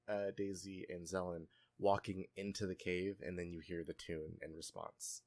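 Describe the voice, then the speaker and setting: A man narrating a tabletop game as game master, relaxed and hesitant with fillers. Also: sits low, moderate pace, few pauses.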